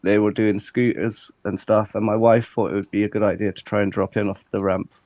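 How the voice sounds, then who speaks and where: A man's voice: lowish voice, level tone, a little fast, darkish tone, no room sound. A British man chatting casually as a guest on a live stream, laid-back and hesitant. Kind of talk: casual chat.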